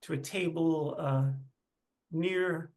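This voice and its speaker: A man playing a tabletop game, describing his character in a halting way with many pauses and fillers. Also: a little high, fairly even intonation, a little mellow. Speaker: player.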